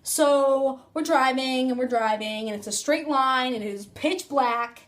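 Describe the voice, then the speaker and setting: Chatty young woman vlogger, high voice, phone-recorded storytime. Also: unhurried. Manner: chatty, rambling, filler-heavy "like". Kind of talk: casual storytime.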